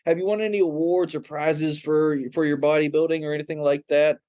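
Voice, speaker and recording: A man's voice: fairly high pitch, flat delivery, brisk, a little mellow, clean tone, dry recording, lo-fi sound. A middle-aged man, a comedian hosting his podcast, chatting casually in a jokey, laid-back way. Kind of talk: casual chat.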